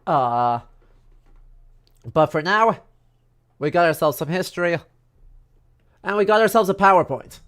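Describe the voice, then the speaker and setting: A man's voice: high-pitched, animated, unhurried, pauses often, fairly bright tone. A man with a congested, stuffy nose giving a casual, joking history lecture on a livestream from home. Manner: chatty and joking, many fillers and asides. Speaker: history streamer. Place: home in the countryside.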